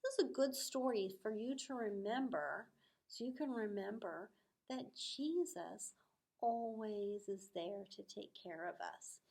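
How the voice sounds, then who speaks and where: A woman teaching children, telling a story with lively acted-out voices and hushed asides. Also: medium pitch, measured pace, creaky. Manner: animated, acts out voices with big swells.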